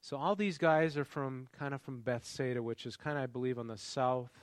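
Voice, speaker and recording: A man's voice: mid-range voice, fairly even intonation, brisk, no echo. Guy preaching, chatty, keeps asking the crowd stuff, dry close sound. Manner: engaging, quizzes the congregation. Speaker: pastor. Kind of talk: sermon.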